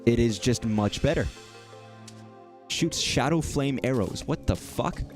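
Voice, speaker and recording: Profane, excitable young male game streamer. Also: mid-range voice, brisk, faint music behind. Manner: profane, excitable, talks to himself while playing. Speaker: gaming streamer. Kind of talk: live gameplay commentary.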